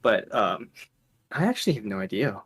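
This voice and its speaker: A woman's voice: a bass voice, animated, normal speed, husky. A woman chatting casually as a stream guest, reacting and joking. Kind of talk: casual chat.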